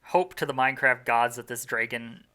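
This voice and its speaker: A man's voice: medium pitch, steady tone, normal speed, sharp tone. A young man commentating his own game run in a casual, rambling, self-mocking way, full of fillers and restarts.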